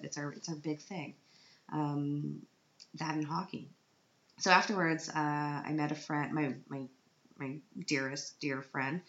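A woman's voice: low voice, roomy sound, muffled recording. A woman from Canada telling a casual vlog story in a chatty, self-mocking way, laughing often. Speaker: vlogger, autism group organiser.

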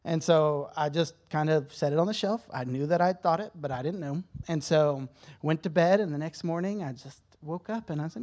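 Speaking at a moderate pace in a slightly high, darkish voice, a man shares a conversational, candid testimony with a church, much like a sermon. Emotion surfaces now and then, and he frequently restarts what he's saying.

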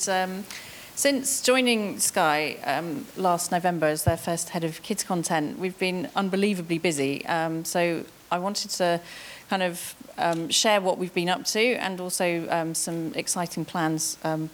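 Woman presenting at a conference, soft-voiced. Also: lowish voice, a little slow, slight background noise. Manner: friendly, frequent ums. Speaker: TV executive presenting on a panel.

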